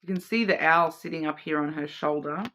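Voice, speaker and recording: A woman's voice: low-pitched, steady tone, a little fast, a bit bright. A woman giving a weekly oracle card reading as host, musing aloud, repeating words as she searches for meaning, and checking in with the listener. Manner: addresses the listener directly, checking in with "okay?". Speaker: card reader.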